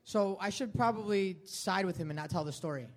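A man co-hosting a live podcast in a comedy club, excitable and swearing a lot, with sudden loud outbursts. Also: high-pitched, fairly quick. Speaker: podcast co-host.

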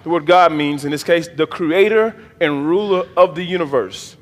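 High-voiced preaching man in a church hall. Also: normal speed. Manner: call-and-response preaching, folksy, joking with the congregation. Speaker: pastor, bishop. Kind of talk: sermon. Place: church sanctuary.

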